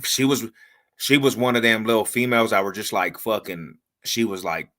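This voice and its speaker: A man hosting a podcast, telling stories in animated, slangy casual chat and laughing as he goes. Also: on the low side, normal speed. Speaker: podcast host.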